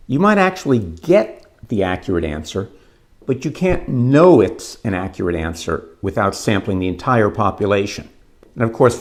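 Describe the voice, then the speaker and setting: A man lecturing in a fairly low voice that moves a lot in pitch, rising and falling as he explains. He works through graphs in a measured, step-by-step way for a recorded course.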